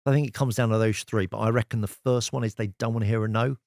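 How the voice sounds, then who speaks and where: A man, a sales expert guest telling lively anecdotes in an interview. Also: lowish voice, fast talker, gravelly, dry recording, clean studio sound. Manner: lively storyteller, animated anecdotes. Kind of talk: casual storytelling interview.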